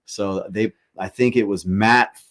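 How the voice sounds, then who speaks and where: Man, low-ish voice, casual podcast storyteller, swears a lot, rambles. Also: steady tone, a little slow, a bit bright. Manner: loose, profane storytelling with frequent fillers. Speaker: podcast host. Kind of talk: casual chat.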